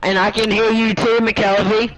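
A man's voice: high-pitched, little pitch movement, normal speed. A man in online gaming voice chat, hurling crude insults and swearing nonstop. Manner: crude, aggressive trash talk with constant swearing. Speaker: gamer in voice chat. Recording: loud noisy voice chat audio.

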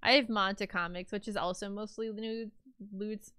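Young woman streamer, rambling casual chat, crisp clear voice, dry close sound. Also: mid-range voice, moderate pace, sharp tone, no room sound. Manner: chatty, rambling with many fillers.

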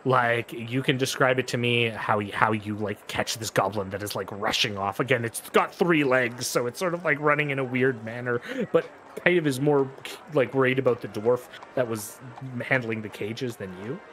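A man's voice: mid-range voice, normal speed, few pauses, fairly bright tone. Man narrating as game master. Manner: loose, filler-heavy narration with many restarts.

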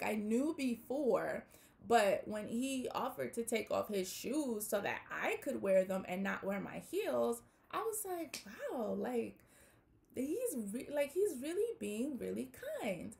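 A woman's voice: mid-range voice, creaky. A young woman telling a personal story in a casual storytime vlog, acting out the people she talked to. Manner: animated retelling, acts out both sides with quoted voices. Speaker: vlogger.

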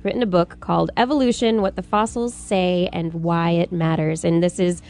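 A woman's voice: lowish voice, fairly even intonation, normal speed, a little mellow. A woman co-hosting a college radio science talk show, bantering and laughing often. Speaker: co-host.

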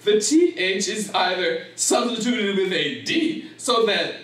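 An older man giving a lively, interactive lecture in a library room. He talks slowly and deliberately, laughs often, and quizzes his audience. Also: high voice. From Gullah Geechee community, South Carolina. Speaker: speaker. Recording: echoey room, from far off.

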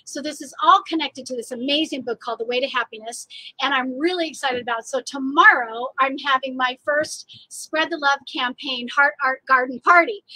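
A woman's voice: high voice, pushed and bright, dry recording, rough recording. A woman artist hosting a casual live stream outdoors, bubbly and laughing often. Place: outdoors, a little windy.

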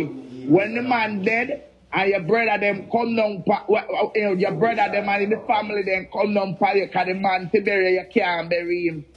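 A woman's voice: medium pitch, muffled recording. Fierce Jamaican woman ranting. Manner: confrontational, taunting, repeats a name over and over. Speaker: social media personality. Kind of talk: angry live-stream rant.

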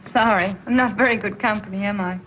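A woman's voice: mid-range voice, steady tone, fast, background noise, lightly acted. A troubled young widow speaks with tense, bitter resolve, as a woman plays her. The voice sits in a middle range, and the old radio recording is dull and muffled. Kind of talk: 1930s radio drama acting.

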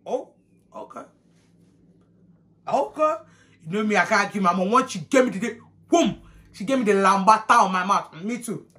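A young woman tells a story for her vlog, her voice bright and ringing. She is animated and swears freely, slipping into the voices of everyone in the tale. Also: mid-range voice, fairly quick. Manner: animated, profane, acts out every character. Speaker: vlogger.

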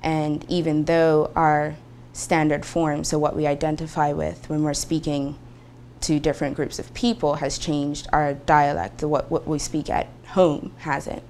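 A young woman from Bermuda, explaining her research in a measured way in a documentary interview. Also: low-pitched, level tone, a little mellow, slight background noise. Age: young adult.

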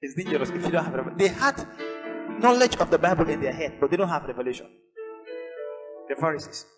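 A man with a high voice preaches a sermon, repeating his points with growing force. Soft music sits faintly behind him. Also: sing-song, fast, low-quality recording. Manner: preaches with rising intensity and emphatic repetition. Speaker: pastor.

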